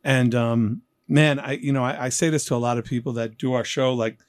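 A man's voice: mid-range voice, fairly quick, no echo, studio quality. A man in his fifties from New York hosting an interview podcast, chatting casually and joking, often acting out voices in his stories. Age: 50s. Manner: animated, jokey, acts out voices in his anecdotes. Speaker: podcast host.

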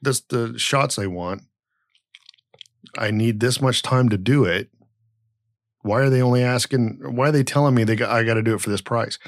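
A man's voice: mid-range voice, normal speed, long pauses, dry recording, clean studio sound. A middle-aged man hosting a podcast, telling a long story in a rambling, blunt and profane way. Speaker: podcast host. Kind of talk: casual podcast chat.

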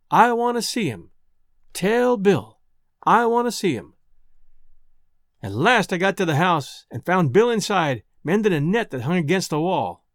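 A man's voice: sits high, no room sound, studio quality. A man narrating an old-fashioned first-person story in a bashful, homespun country dialect.

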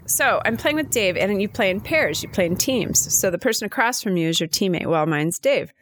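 A woman's voice: mid-range voice, expressive, fairly quick, slight background noise. A middle-aged woman co-hosting a casual chat, telling personal stories in a chatty, emotional way. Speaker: podcast co-host.

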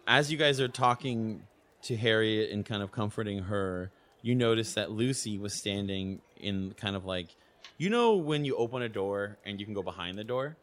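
A man's voice: fairly low pitch, animated, moderate pace, a bit bright. A man narrating as game master in rambling, filler-heavy descriptions.

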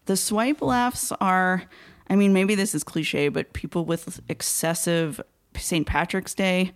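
A woman's voice: on the low side, takes it slowly. A woman guest on a podcast, telling a funny dating story in casual chat and acting out the quotes. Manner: animated storyteller, acts out quotes. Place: Chicago area podcast studio.

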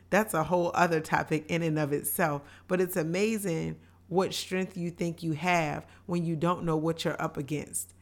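Earnest woman sharing a faith story. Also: fairly low pitch. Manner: earnest, reflective, faith-filled. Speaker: podcast host. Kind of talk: personal storytelling.

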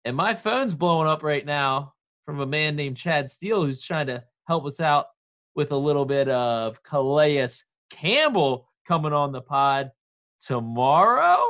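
A man's voice: on the high side, a little slow, fairly bright tone. A man co-hosting a casual sports podcast, chatty and playful, given to banter. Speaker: podcast co-host.

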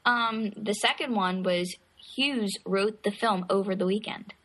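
A woman's voice: mid-range voice, unhurried, fairly bright tone. A woman co-hosting a podcast, reading out trivia items in a casual chat. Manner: reads lists, laughs off teasing. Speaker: podcast co-host.

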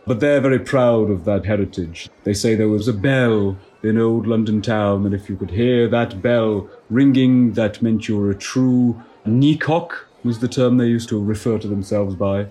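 A man's voice: lowish voice, moderate pace, hardly any pauses, warm tone, lightly acted. A man playing a pompous, self-satisfied tour guide in a comedy audio sketch, talking in a mock-learned way.

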